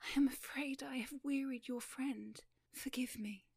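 A frightened young lady speaks in a breathy, pleading whisper, her voice lifted a little higher than the reader's own, as a woman puts her on. The recording is close and dry, with no room sound behind it. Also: normal speed, darkish tone, no room sound, close to an everyday voice.

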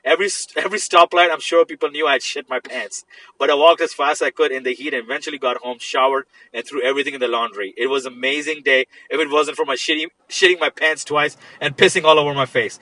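A man's voice: a little high, fairly even intonation, quick pace, bright, forceful tone, low-quality recording. A man co-hosting a casual podcast, reading a listener's story aloud and laughing through it, sometimes losing his place. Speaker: podcast co-host.

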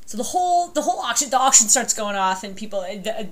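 A woman co-hosting a casual book podcast, excitable and swearing freely. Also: a little high, quick pace. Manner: excitable, swears, acts out characters' lines. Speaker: podcast co-host.

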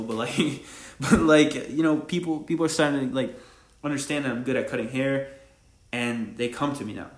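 A young man hosting his own podcast, rambling casually in slang and laughing at himself as he talks about barbering. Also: medium pitch. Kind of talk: casual solo podcast monologue. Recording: echoey room.

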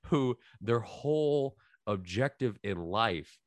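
A man's voice: mid-range voice, expressive, takes it slowly, no room sound. A man hosting a casual podcast, rambling with lots of fillers and restarts and laughing easily. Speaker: podcast host.

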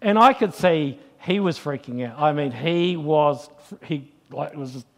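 A middle-aged man preaches in a loose, conversational way. His voice sits high for a man. He keeps slipping into anecdotes and acting out what people said. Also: expressive, a little slow, creaky. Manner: chatty, anecdotal storyteller acting out quoted voices. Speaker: Christian speaker. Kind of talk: conversational sermon with personal stories.

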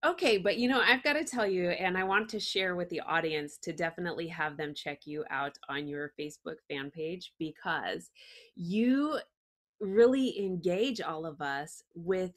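A woman hosts an interview show, speaking with eager, effusive enthusiasm as she praises and wraps up. Her voice is a little low for a woman. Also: lively intonation, moderate pace, fairly bright tone. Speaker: show host. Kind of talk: interview hosting.

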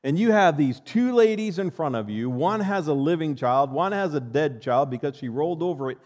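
A male pastor preaches emphatically and reads scripture aloud to his congregation. His voice sits fairly high and rings with a long reverb. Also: expressive, moderate pace, darkish tone. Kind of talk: sermon.

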